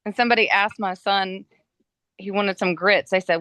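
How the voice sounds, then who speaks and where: Woman, Southern US accent, conversational, mid-range pitch, dry recording. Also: normal speed, smooth, no room sound. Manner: chatty, relaxed anecdotes. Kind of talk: casual group discussion.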